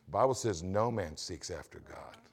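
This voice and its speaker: A pastor delivering a sermon, his pitch swinging widely as he presses each point. He preaches with emphasis and keeps asking the congregation questions. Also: expressive, moderate pace, vocal fry, breathy edge.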